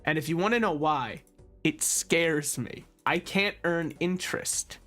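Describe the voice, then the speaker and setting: A man's voice: fairly high pitch, measured pace, a bit bright, faint music behind. A man giving casual, joking commentary while he plays a card game, teasing the game and poking fun at himself. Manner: joking, self-deprecating, talks to the game. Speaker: gaming channel host.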